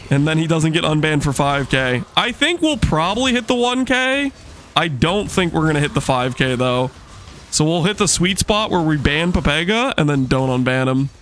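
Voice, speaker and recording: A man's voice: fairly high pitch, normal speed, a bit bright, slight background noise. A man streaming a game, joking and chatting with his viewers while he plays. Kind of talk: casual live-stream chat while gaming.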